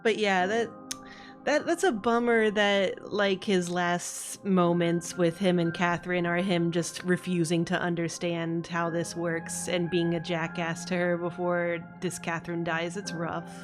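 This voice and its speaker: Streamer, young woman, wry and laughing, slow casual talk over faint music. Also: lowish voice, level tone. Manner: wry, laughing, mocks characters in silly voices. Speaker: game streamer. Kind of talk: casual let's-play commentary.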